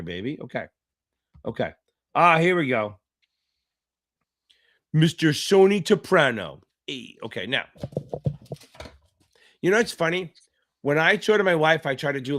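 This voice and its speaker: A man's voice: on the high side, a bit bright. Casual, joking male exam tutor. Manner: casual, joking, swears freely; reads out viewer names, chatty asides. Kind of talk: live online Q&A lesson.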